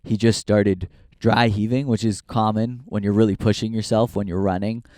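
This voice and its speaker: A young Northern California man hosts his own podcast while walking a hiking trail, rambling into a handheld camera in a profane, self-deprecating walk-and-talk vlog. His voice sits on the low side with fairly even intonation, a moderate pace, and a warm tone. The sound is studio-quality with no room sound.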